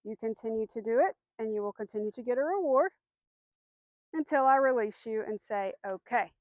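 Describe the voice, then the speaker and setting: A woman dog trainer giving a clear, patient lesson outdoors, with firm short commands. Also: fairly high pitch, animated, normal speed, a little mellow, dry recording. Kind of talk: instructional demonstration.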